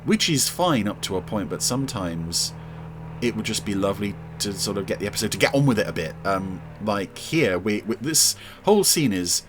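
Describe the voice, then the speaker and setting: A man's voice: on the low side, lively intonation, moderate pace, noisy background. A man hosting a podcast, giving chatty, wry watch-along commentary on an episode, with fond asides. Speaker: podcast host.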